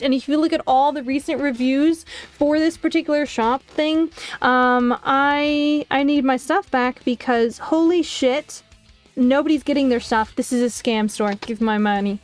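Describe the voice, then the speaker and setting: High-voiced swearing woman streamer. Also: moderate pace, faint music behind. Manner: swears a lot, animated storytelling with mocking voices. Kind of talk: casual chat while drawing on stream. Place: home streaming setup.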